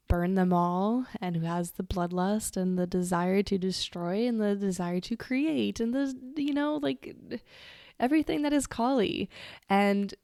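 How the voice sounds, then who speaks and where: A mid-range, mellow female voice comes through in studio quality with no room sound. The podcast host tells a personal story confessionally and candidly, dropping casual swears while drifting onto side tangents and starting over.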